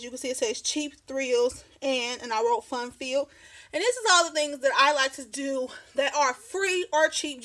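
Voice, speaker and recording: Her voice is high-pitched and a bit bright. She's a craft vlogger in her thirties, rambling through a casual show-and-tell at her home desk, laughing often and slightly short of breath.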